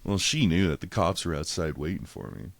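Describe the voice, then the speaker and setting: A podcast host tells a story casually and with heavy swearing, animatedly acting out each person's quotes. His low voice moves a bit fast with vocal fry, and there's no room sound.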